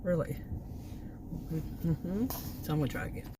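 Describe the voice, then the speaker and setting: A rather low-pitched woman with a worn, hoarse voice talks casually from behind the wheel, wandering between thoughts and laughing under her breath. Loud road and engine noise runs beneath her voice. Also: measured pace. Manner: meandering, frequent restarts and soft laughs. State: voice worn out, hiccups. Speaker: vlogger doing food deliveries. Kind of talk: rambling casual chat while driving. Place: inside a car on the road.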